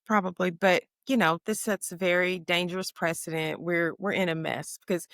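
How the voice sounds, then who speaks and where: A woman co-hosting a podcast, chatting casually and animatedly, leaping up into high exclaiming tones. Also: fairly even intonation, normal speed, a bit bright, dry recording, clean studio sound. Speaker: podcast co-host. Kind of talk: casual chat.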